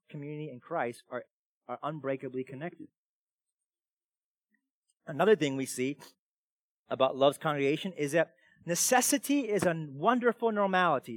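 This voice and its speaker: A man preaching a sermon as pastor, animated and emphatic, dropping into quiet asides between loud passages. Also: a little high, no echo.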